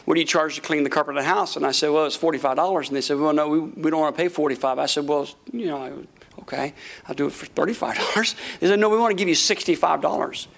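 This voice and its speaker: A man preaching a sermon, telling a story with lively acted-out quotes and frequent laughter. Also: on the high side, fast talker, gravelly. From Florida. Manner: animated, acts out quotes, laughs often. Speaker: pastor.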